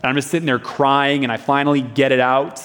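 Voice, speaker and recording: A man's voice: medium pitch, flat delivery, brisk, a bit bright. Earnest young male preacher in a hall. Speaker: pastor. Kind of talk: sermon. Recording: long reverb of a hall.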